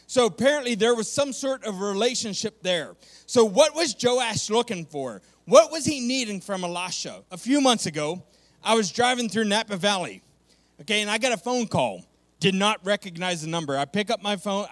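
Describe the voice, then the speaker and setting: A man's voice: sits high, fairly bright tone. A man preaching a sermon as pastor, emphatic and conversational, often repeating key points and checking in with "okay".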